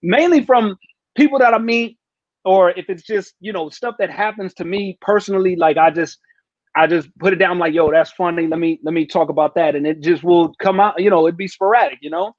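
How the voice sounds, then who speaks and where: A man's voice: high-pitched, a little fast, no echo, dull audio. A man telling stories casually on a live talk stream, slangy and laid-back, acting out the people he quotes. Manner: laid-back slangy storytelling, acts out voices. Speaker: comedian guest. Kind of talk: casual storytelling chat.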